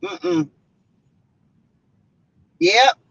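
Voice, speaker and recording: A woman with a Southern US accent hosts a casual live stream, chatting away to her viewers with plenty of "mm-mm" and "y'all" asides. Her voice is extremely high, gravelly and a bit bright, and she draws out her words. The stream audio is lo-fi and slightly muffled.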